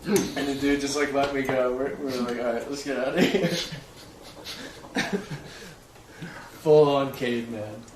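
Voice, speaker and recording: A man's voice: mid-range voice, unhurried, pauses often, recorded from a distance. A young man in his twenties telling a casual story on a livestream, laughing often and saying "like" a lot. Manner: animated, laughing, lots of "like". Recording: roomy, from the mic, noisy.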